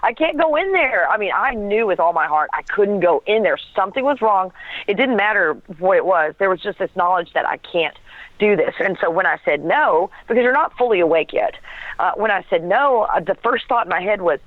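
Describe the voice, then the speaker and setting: Woman guest, lively storyteller who acts out dialogue, heard over a thin phone line. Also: medium pitch, brisk, no room sound. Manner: animated storytelling with laughs and acted quotes. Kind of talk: telling a personal story.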